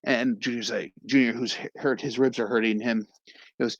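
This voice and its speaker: A man's voice: mid-range voice, fairly even intonation, normal speed, dry recording, poor audio. A young man casually recapping a comedy film as a review host, rambling and acting out scenes with quoted lines.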